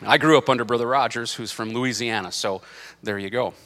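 Bright-voiced middle-aged man preaching. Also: a little fast, long reverb tail. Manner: animated preaching with big swings in pitch and loudness, joking asides. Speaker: pastor. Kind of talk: sermon. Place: church sanctuary.

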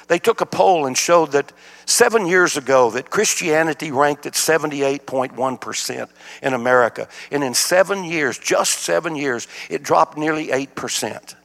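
Older preacher with gravelly voice. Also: male voice, on the high side. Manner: folksy storytelling, animated. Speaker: guest preacher. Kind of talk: sermon. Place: church sanctuary. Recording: church hall reverb.

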